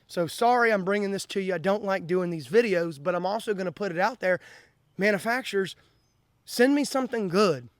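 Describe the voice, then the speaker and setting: A man hosts an axe-throwing channel vlog, talking bluntly and in a worked-up way to camera and often repeating the same catchphrase. His high voice is expressive and a little fast. The studio sound is clean with no room sound.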